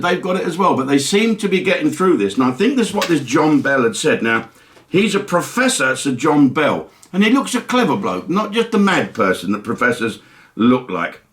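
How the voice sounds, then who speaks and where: A man's voice: mid-range voice, animated, moderate pace, a bit bright. A man from England, a comedian hosting his own show in a casual, rambling, mocking monologue. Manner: chatty, mocking, rambling asides. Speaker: comedian host.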